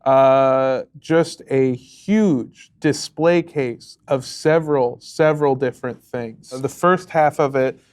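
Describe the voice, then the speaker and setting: A man at a middle pitch narrating as game master of a tabletop game. He lays out each scene slowly and in detail, filling the gaps with soft hesitations as he builds the picture. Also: clear, resonant tone. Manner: descriptive, unhurried, many filler pauses.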